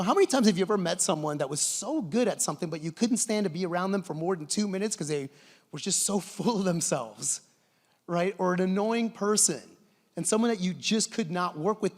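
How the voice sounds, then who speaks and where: A middle-aged man giving a conference talk with enthusiastic, animated storytelling, recorded in a large conference hall. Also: high voice. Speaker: conference presenter.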